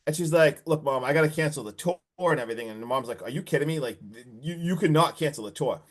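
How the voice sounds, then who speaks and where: Man, somewhat high voice, lively podcast recap with lots of swearing. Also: fast. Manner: animated, swearing, acts out character lines. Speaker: podcast co-host. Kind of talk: casual movie recap.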